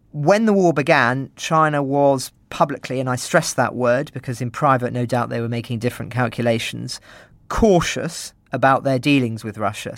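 A British man giving measured, analytical news commentary on a podcast, often quoting sources. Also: mid-range voice, no echo. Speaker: podcast co-presenter.

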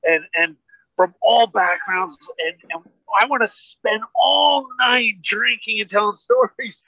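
A comedian from the United States, guesting on a podcast, telling emphatic, animated stories in casual chat. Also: male voice, high voice, unhurried, creaky, no echo, highs cut off.

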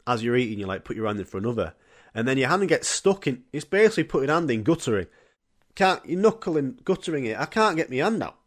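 A young man, hosting a solo comedy podcast in a rambling, jokey, sweary way. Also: mid-range voice. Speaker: podcast host.

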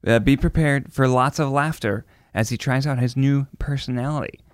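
A man's voice: medium pitch, moderate pace, clean tone, no echo, studio quality. A man in his thirties co-hosting a parenting podcast, chatting casually and reading baby milestones aloud in a playful way. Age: 30s. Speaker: podcast co-host. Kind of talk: casual chat.

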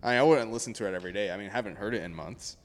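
A young man co-hosting a casual podcast chat, animated and quick to laugh, trailing off mid-thought. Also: lowish voice, big-room sound. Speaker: podcast co-host.

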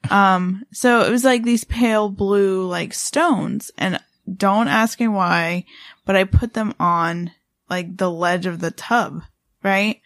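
A woman's voice: medium pitch, slow pace, no room sound, studio quality. A woman co-hosting a podcast, telling a story in a rambling, casual way with lots of fillers and restarts. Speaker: podcast co-host.

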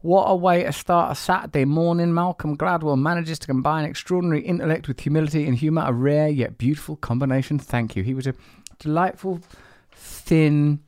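A man's voice: fairly high pitch, brisk, hardly any pauses, a little mellow, dry recording, studio quality. Playful rambling male podcast host. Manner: playful, rambling, mock-romantic; trails off in self-corrections. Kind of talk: podcast intro and listener comments.

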